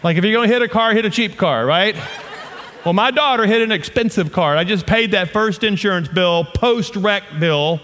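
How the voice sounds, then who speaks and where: High-voiced Southern preacher in his fifties. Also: normal speed, a bit bright, in a large hall. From North Louisiana, USA. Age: 50s. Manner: impassioned, emphatic preaching with humorous asides. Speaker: pastor. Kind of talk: sermon.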